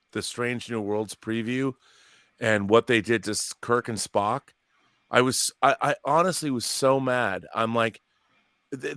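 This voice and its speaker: A man's voice: medium pitch, a bit bright, no room sound, studio quality. A man co-hosting a live watch party, ranting with indignant, profane outrage. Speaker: co-host.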